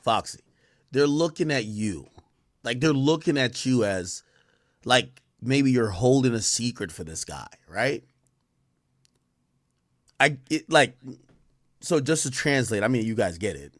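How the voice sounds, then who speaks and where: A man chatting on a live stream rambles with a lot of slang. His voice is middle-pitched and jumps up and down all the time. The sound is dry and close. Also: measured pace, pauses often, no room sound. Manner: rambling, animated, slang-heavy. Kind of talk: casual live-stream chat.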